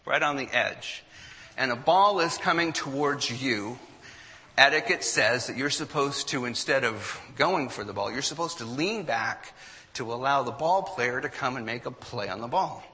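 Male storyteller, mid pitch, animated delivery, bright tone, reverberant hall. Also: moderate pace. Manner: animated storyteller, acts out quotes. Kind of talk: storytelling talk to an audience.

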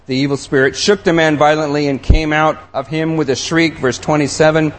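A man's voice: a little high, steady tone, a little fast, few pauses. A man preaching a sermon, reading scripture and reflecting on it with earnest, emphatic questions. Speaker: pastor.

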